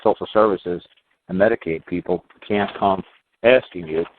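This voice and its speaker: A man's voice: sits low, moderate pace. A man hosting a talk show, explaining his views to a caller in a rambling, emphatic way, with many fillers and restarts. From United States. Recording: phone-like line with faint hiss.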